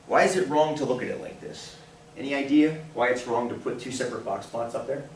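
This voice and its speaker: A man teaching a statistics class, animated and full of questions for his students. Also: mid-range voice, a little fast. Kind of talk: classroom lecture. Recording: roomy, from far off, faint room noise.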